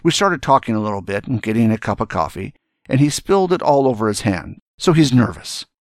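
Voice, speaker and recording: A man's voice: medium pitch, very animated, a little fast, darkish tone, no room sound, clean studio sound. Earnest older man telling a story. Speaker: retired general giving a speech. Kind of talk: speech to young students.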